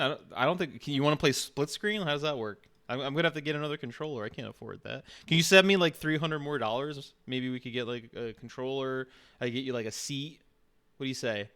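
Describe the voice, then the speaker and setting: A man's voice: mid-range voice, fairly bright tone. A male streamer with an ordinary mid-range voice chats casually on a live stream. He jokes and teases in a loose, playful way and laughs often. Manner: joking, teasing, laughs often.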